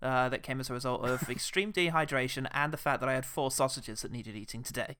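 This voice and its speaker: A man's voice: mid-range voice, fast talker, a little hiss or hum. A man co-hosting a casual comedic film review podcast, joking and laughing often. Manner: joking, giggly, with animated voice swings. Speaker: podcast co-host.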